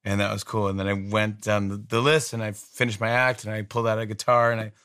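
A man in his forties tells animated, rambling anecdotes as an interview guest, often restarting his phrases. His voice sits on the low side, and the sound is dry and close. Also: quick pace, clear, resonant tone, no room sound. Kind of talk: storytelling interview chat.

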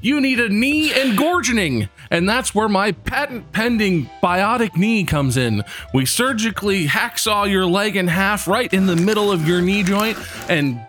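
Man putting on a higher, hammy infomercial quack doctor, slow and salesy. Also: lively intonation, a bit bright, soft background music. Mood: pitching. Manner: salesman pitch, slow and emphatic. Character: smarmy male quack doctor pitching a product. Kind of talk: comedy infomercial bit.

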